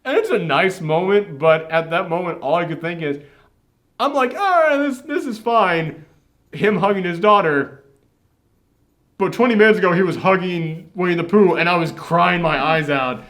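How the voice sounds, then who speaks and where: A man's voice: high voice, expressive, normal speed, fairly bright tone. A man hosting a casual movie reaction chat, retelling scenes with animation and acting out the characters' lines. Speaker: podcast host.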